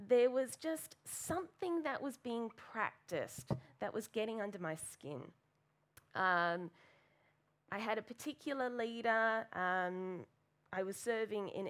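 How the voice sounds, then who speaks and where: A woman preaching a sermon in church, telling a candid, self-deprecating personal story with plenty of fillers. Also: mid-range voice.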